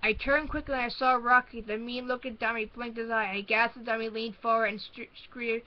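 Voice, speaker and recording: Woman reading a kids' horror book aloud, stumbling reads, higher voice, muffled lo-fi audio. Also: fairly even intonation. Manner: halting reading with frequent restarts. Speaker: storybook reader. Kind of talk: first-person read-aloud of a horror book.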